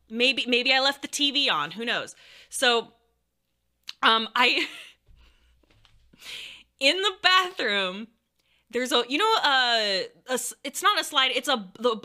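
Bright, lively young woman storyteller. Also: on the high side. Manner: animated, laughing, crude and self-mocking. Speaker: streamer telling a story. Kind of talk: casual storytelling to chat.

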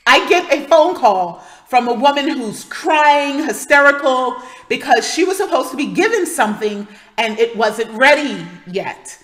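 Woman, raised pitch, channel host, personal testimony, lively self-correcting delivery. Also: big-room sound, poor audio. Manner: animated, breathless retelling with quick self-corrections.

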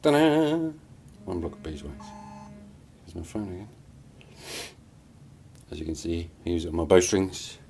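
A man's voice: sits low, steady tone, normal speed, creaky, long pauses. A man with a cough rambling casually through a workshop tutorial, full of chatty asides. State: has a cough. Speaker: hobby knife maker. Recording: loud sanding and rubbing noise.

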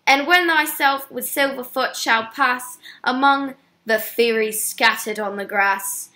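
A woman's voice: high voice, takes it slowly, pushed and bright. A woman reading a poem aloud dramatically in a put-on English accent, stressing each word of a long list. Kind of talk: dramatic poetry recitation.

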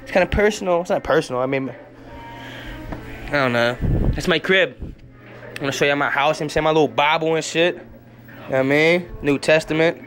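A man's voice: a little high, a little fast, pauses often, a bit bright, faint music behind. A young man giving a rambling, hyper home tour on a handheld camera, talking in slangy, profane bursts indoors at home.

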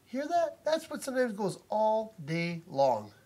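A man's voice: high voice, sing-song, measured pace, dark tone. A man ranting to camera from inside his house, indignant and repetitive, swearing often, recorded on a phone or camera mic. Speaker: vlogger complaining about a noisy neighbor. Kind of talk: angry profane rant to camera.

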